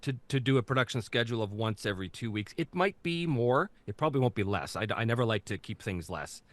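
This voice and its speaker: Animated Canadian storyteller man. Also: medium pitch, fast talker, dry recording. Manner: animated storyteller, slips into character voices. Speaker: guest, voice actor. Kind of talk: casual interview chat.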